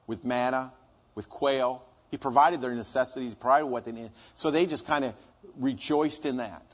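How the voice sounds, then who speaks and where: A man's voice: medium pitch, steady tone, moderate pace, muffled recording. A man preaching a conversational sermon, asking his congregation questions and answering them himself.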